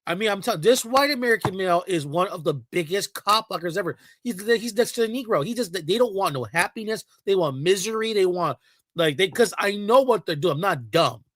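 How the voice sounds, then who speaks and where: A man's voice: fairly high pitch, a bit bright, dry recording, studio quality. A man hosting a livestream, ranting heatedly and profanely, talking back to his chat. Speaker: livestream host.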